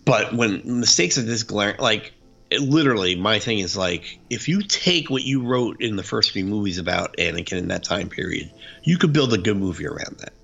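Lively low-voiced man with a gravelly edge. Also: moderate pace. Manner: animated, breaks into mock voices and quotes. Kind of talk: casual chat. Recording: dull lo-fi recording with faint music.

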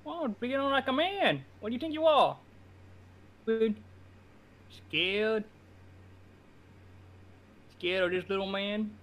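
Male player, higher voice, brash. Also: takes it slowly, pauses often, a bit bright. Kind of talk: casual tabletop play.

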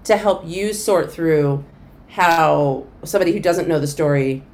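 Her voice sitting low and her pace measured, the middle-aged woman comedian tells a long story in a conversational interview. She's animated throughout, acting out the voices of people she quotes.

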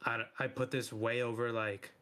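A man's voice: mid-range voice, flat delivery, normal speed, sharp tone. A man co-hosting a podcast in casual chat, laid-back, laughing often and acting out quotes. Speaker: podcast co-host.

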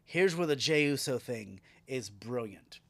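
A man hosting a podcast, recapping a wrestling show in a casual, animated and profane way, laughing as he retells it. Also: mid-range voice, unhurried, gravelly. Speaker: podcast host.

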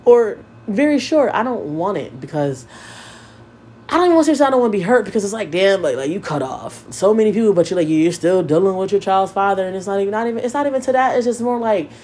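In a candid personal podcast monologue, a young female host vents emotionally, swearing a lot and going over the same points again. She speaks fast and animatedly in a mid-range, slightly mellow voice.

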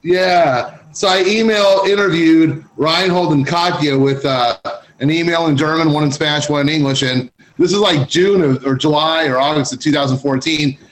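Laid-back slangy man, higher voice. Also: normal speed, rough recording. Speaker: guest cigar journalist. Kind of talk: casual podcast chat.

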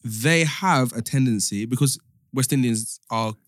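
A man's voice: medium pitch, a little slow, no room sound, studio quality. A young man in a casual discussion, explaining his points step by step with lots of filler words.

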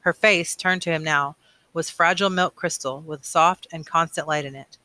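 A man reading a novel aloud, unhurried, with casual asides and small slips. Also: on the high side, steady tone, sharp tone, no echo. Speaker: reader.

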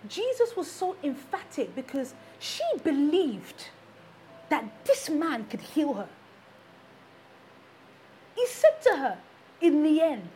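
A woman with a high, bright-pitched voice delivers an emphatic sermon as a preacher. She hammers her points home by repeating rhetorical questions to the congregation. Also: slight background noise.

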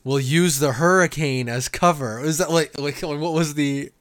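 A man co-hosting a podcast in casual chat, wry and quick to laugh. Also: on the high side, fairly bright tone, no room sound. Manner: wry, laughs often, loose joking tone. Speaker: podcast co-host.

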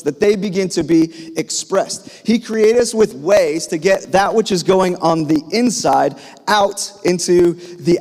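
A man's voice: a little high, a little mellow. A man in his thirties preaching a sermon, telling a personal story with frequent fillers and restarts. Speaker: pastor. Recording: long hall reverb.

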